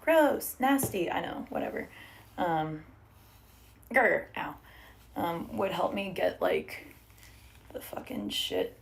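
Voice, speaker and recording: A woman's voice: lowish voice, very animated, takes it slowly, creaky, pauses often. Chatty young woman streaming from home. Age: young adult. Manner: chatty, swears casually, reads out viewer comments. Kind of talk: casual livestream chat while braiding hair. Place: living room at home.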